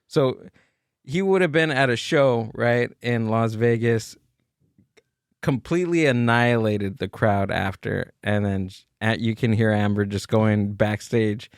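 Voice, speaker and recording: A man co-hosting a podcast, chatting in a relaxed way and asking his guest questions. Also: lowish voice, a little slow, clear, resonant tone, no room sound, studio quality. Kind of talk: casual podcast chat.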